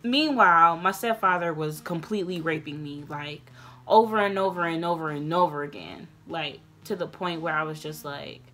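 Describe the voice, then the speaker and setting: A young woman vlogger telling a personal story in a candid, rambling way, earnest and emotional, sometimes getting loud and passionate. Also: low-pitched, animated, moderate pace. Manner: loose, rambling, many restarts.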